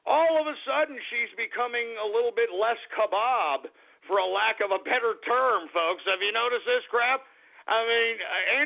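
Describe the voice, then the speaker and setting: A man's voice: sits high, gravelly. A man hosting a talk radio show, ranting bluntly and swearing often. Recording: tinny phone-line radio audio.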